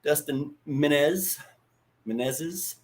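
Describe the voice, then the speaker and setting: A man's voice: fairly high pitch, takes it slowly. A man hosting a casual livestream lesson. He talks in a loose, chatty way, swears freely and greets viewers by name. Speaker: livestream host.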